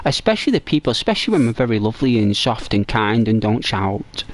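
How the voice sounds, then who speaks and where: An English man giving casual, rambling gameplay commentary as a streamer. He often repeats and restarts phrases, and his voice climbs and gets animated when he tells stories. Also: on the low side, quick pace. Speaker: gaming streamer.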